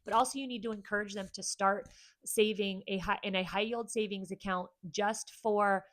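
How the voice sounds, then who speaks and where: A woman's voice: medium pitch, fairly even intonation, moderate pace, no room sound. A woman in her forties giving candid, earnest advice in a casual vlog from home. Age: 40s. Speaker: vlogger and therapist.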